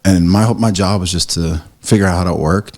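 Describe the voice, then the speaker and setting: A middle-aged man from the United States, a print shop owner chatting as a podcast guest, telling lively stories and acting out quotes. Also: sits low, normal speed. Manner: animated storyteller, acts out quotes with swearing. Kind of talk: casual conversation.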